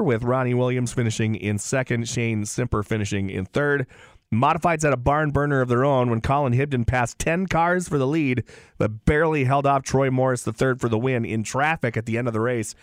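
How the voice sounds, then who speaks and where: A relaxed man co-hosting a racing show who reads out race results in a halting way, full of fillers and restarts. His voice sits in a middle pitch and is recorded on a dry, close studio mic. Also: dry recording. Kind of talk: casual sports radio chat.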